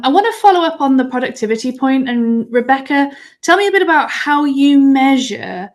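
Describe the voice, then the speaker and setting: A woman moderating a webinar panel, affirming and conversational, sometimes repeating words as she frames questions. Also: a little high.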